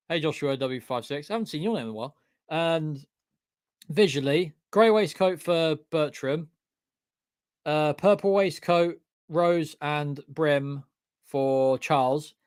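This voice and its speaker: A man's voice: a little high, measured pace, clear, resonant tone, no room sound, clean studio sound. A young man chatting on a livestream about his channel's history. He rambles, swears often and keeps stopping to say "what do you call it". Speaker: YouTube channel creator. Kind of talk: casual livestream chat.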